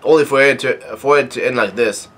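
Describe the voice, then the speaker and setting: A man's voice: mid-range voice, fairly quick, fairly bright tone, close to an everyday voice. A man reading out a grim fishman helmsman. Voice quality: plain reading voice, no character voice.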